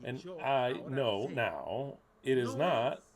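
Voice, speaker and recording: A man's voice: medium pitch, lively intonation, takes it slowly, crowd noise. A man preaching a sermon in an emphatic, blunt way, repeating key words and sometimes swearing.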